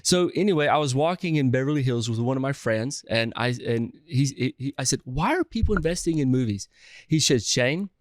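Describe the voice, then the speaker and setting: A Southern man talks through his stories in a casual interview, full of restarts and fillers. His voice sits at an ordinary middle pitch, and the sound is close and dry with no room echo. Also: a little fast. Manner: energetic, rambling with restarts and filler. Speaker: guest, real estate investor.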